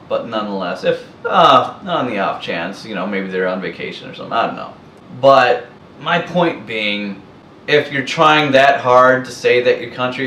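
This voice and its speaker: A man delivers a blunt, scornful and profane rant straight to his viewers, at a mid-range pitch. His voice reaches the mic from a few steps away and rings around an echoey room. A faint hiss sits under the whole recording. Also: fairly bright tone, distant mic. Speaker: vlogger. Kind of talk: ranting monologue to camera.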